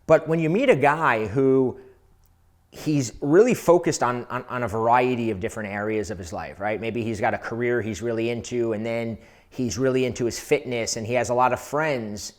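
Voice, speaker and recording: A man speaking as a dating coach, giving casual, conversational advice to viewers, often repeating words as he goes. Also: mid-range voice. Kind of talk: advice monologue.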